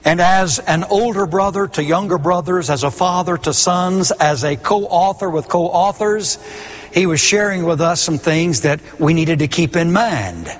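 A man's voice: high-pitched, a little slow. A middle-aged man preaching a sermon, stressing his points by repeating key words. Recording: long hall reverb.

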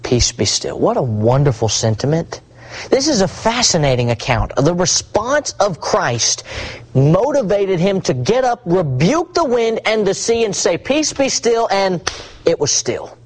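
A man preaching a sermon, swinging between hushed asides and rising, emphatic repetition. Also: high-pitched, very animated, measured pace, breathy edge, rough recording.

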